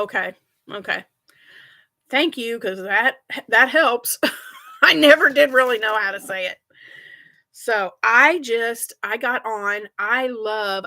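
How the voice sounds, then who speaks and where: A woman's voice: a little high, sharp tone. A middle-aged woman hosting a crochet livestream, chatting casually and rambling with viewers and laughing often. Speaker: crochet channel host.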